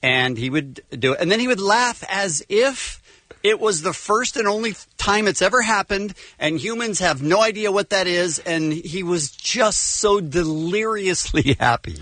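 A man's voice: sits high, lively intonation, unhurried, pushed and bright, no echo. A man co-hosting a radio call-in show, who chats upbeat and tells stories. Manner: upbeat, chatty storyteller.

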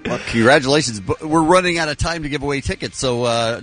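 A man's voice: medium pitch, fast, a bit bright, faint music behind. A man co-hosting a morning radio show, making dry, sarcastic remarks. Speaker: radio co-host.

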